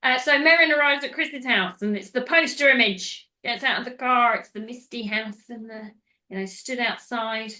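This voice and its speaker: A woman's voice: on the high side, moderate pace, bright, forceful tone. A woman hosting a podcast, recapping a film in casual, rambling chat that goes off on tangents. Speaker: podcast host.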